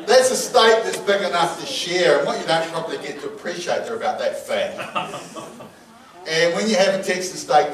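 A man's voice: on the high side, background noise. A middle-aged man with a New Zealand accent preaching a sermon, telling jovial stories and laughing often. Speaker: pastor. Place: church hall with congregation. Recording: echoey hall, mic from a distance.

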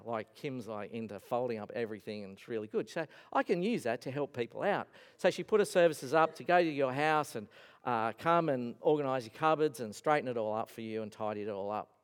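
A man's voice: mid-range voice, in a large hall. A man preaching a sermon as a pastor, telling stories earnestly with emphatic rises and falls. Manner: earnest storytelling, voice rising and falling with emphasis. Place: church hall.

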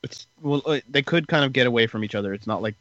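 A man's voice: medium pitch, fast, bright, forceful tone, no echo, highs cut off. A man casually retelling story events in a podcast chat, rambling with lots of fillers.

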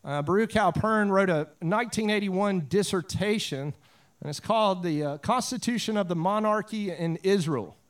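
A man's voice: high-pitched, moderate pace. A man preaching a sermon, moving between scripture reading, fervent prayer and casual storytelling. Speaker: pastor.

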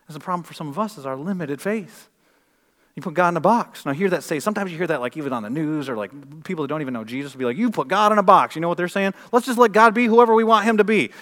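A man delivers a sermon in a church. His voice sits a little high for a man. He swings from loud, emphatic preaching down to hushed, earnest passages. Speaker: pastor.

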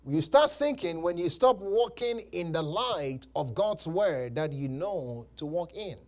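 A man's voice: on the high side, animated, a little slow. A male pastor preaching a sermon, repeating phrases and laughing between points. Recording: live church service.

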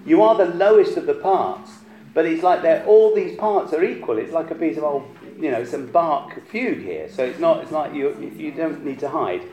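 A man's voice: on the high side, lively intonation, moderate pace, dark tone. A man leading a choir rehearsal, encouraging the singers with hesitant restarts and short sung snippets. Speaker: choir conductor. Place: rehearsal hall. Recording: echoey hall with choral music. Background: choir singing.

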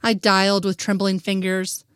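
A woman's voice: mid-range voice, completely flat delivery, normal speed, fairly bright tone, clear, resonant tone, no echo, clean studio sound. A woman reading a fanfic aloud in first-person narration, with an earnest, emotional delivery.

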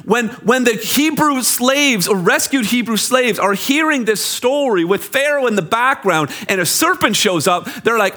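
A man preaching a sermon from Canada, animated and explaining scripture with everyday examples. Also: very high voice, moderate pace, hardly any pauses. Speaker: pastor. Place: church.

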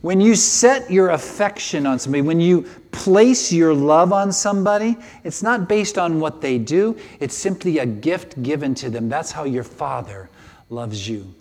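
An older man preaching a sermon, emotional and animated, often repeating himself as he builds his points. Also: a little high, moderate pace. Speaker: pastor.

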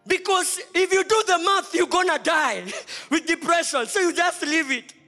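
A man preaching a sermon as pastor, swinging from loud shouts to quiet, low lines. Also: normal speed, faint music behind. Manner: preaching with sudden shouts and soft drops. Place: church.

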